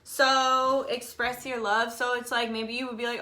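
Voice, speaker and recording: A young woman giving a casual tarot reading, chatty and animated, swearing freely. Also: fairly high pitch, a little slow, few pauses, a little hiss or hum. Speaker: tarot reader.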